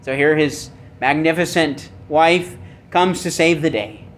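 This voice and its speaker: A man preaching a sermon with emphasis, asking rhetorical questions and swinging between loud and soft. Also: fairly high pitch, measured pace. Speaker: pastor.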